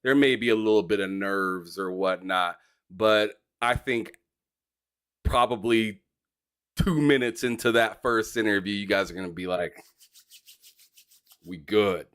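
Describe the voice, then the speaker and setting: A man's voice: on the low side, measured pace, a bit bright, clean tone. A man hosting a casual gaming interview, encouraging and given to repeating words as he talks. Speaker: host.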